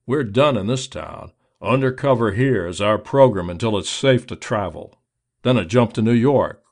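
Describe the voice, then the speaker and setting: A man voicing a smooth-talking male gentleman crook who speaks in a suave, confident, persuasive way. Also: on the low side. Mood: calm.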